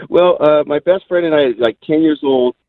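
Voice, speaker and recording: A man's voice: a little high, slow. A man calling into a radio show, telling a childhood story in an easygoing, chatty way. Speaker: caller. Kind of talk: phone-in storytelling. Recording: tinny phone line.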